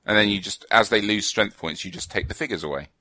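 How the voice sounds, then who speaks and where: A man's voice: lowish voice, fast, pushed and bright, no room sound. A man co-hosting a podcast in casual chat, explaining things in a rambling, hesitant way with fillers and restarts. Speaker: podcast co-host. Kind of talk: casual chat about tabletop wargames.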